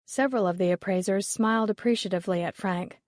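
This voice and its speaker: This is a woman narrating a mystery audiobook from a script in a measured, even tone. Her voice is mid-range, and the recording is dry and studio quality.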